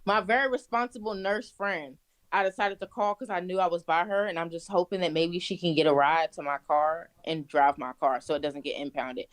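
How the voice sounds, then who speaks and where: A woman's voice: fairly low pitch, fairly even intonation, fairly quick. A young woman telling wild stories in casual, profane chat, laughing as she goes. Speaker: guest. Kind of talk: casual storytelling.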